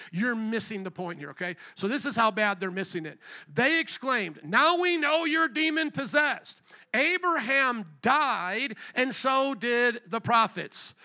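A man preaching at a church service with a high, ringing voice. He keeps asking the congregation for amens. He slows and lifts his voice when he reads scripture aloud. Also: bright, forceful tone. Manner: preaching with call-and-response prompts to the congregation; reads scripture aloud, slowing and rising in pitch for quoted lines. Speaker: pastor. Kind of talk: sermon.

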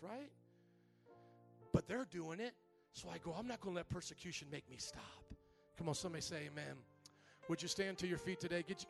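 High-voiced male pastor preaching. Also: vocal fry. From Italian-American family. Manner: animated preaching, asks the congregation for amens. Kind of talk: sermon. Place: church sanctuary.

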